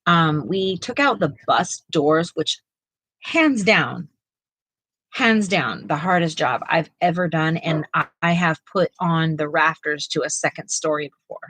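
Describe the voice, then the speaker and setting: A middle-aged woman talks casually while painting on a live stream, rambling with fillers and restarts. Her voice sits on the low side. The sound is dry, with no room around it. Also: lively intonation, measured pace, a bit bright, no echo, rough recording. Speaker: co-host of live art stream.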